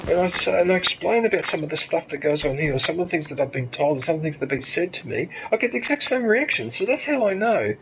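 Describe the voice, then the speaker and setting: A man's voice: fairly high pitch, very animated, fast talker, gravelly, hardly any pauses, noisy background. An Australian man streaming a game and ranting angrily, with lots of swearing and rhetorical questions. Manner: angry, profane, ranting. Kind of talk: ranting commentary over gameplay.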